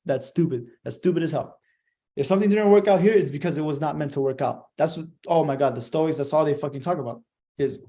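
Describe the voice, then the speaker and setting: A man's voice: a little high, darkish tone. A young man giving a profane, emphatic motivational monologue, swearing constantly.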